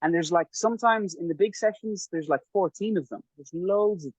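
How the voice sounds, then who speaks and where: A man's voice: high voice, moderate pace, no room sound, dull audio. A man in casual podcast chat, telling a rambling, self-mocking story about his training. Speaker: podcast guest recounting training.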